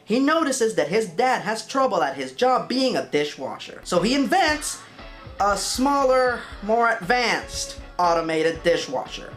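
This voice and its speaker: Woman, film review narration, sarcastic, exasperated, lively pitch. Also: measured pace, faint music behind.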